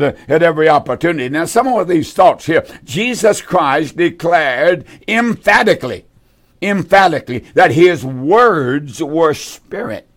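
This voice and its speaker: A man's voice: fairly high pitch, fairly bright tone. A man preaching fervently on a radio call-in show, repeating his key phrases for emphasis. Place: radio studio.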